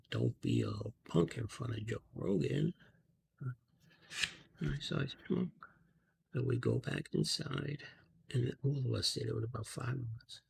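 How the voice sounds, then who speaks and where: A man softly telling a rambling story in a half-whispered ASMR style, talking casually with slang and fillers, outdoors at night on a close mic. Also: medium pitch, gravelly, husky. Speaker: ASMR channel host. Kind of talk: ASMR storytelling while coloring.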